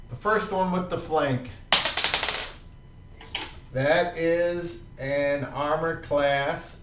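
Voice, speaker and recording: A man's voice: fairly high pitch, a bit bright. A man running a tabletop game as game master, narrating attacks in a laid-back, profane, vivid way. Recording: roomy, distant mic with faint ambience.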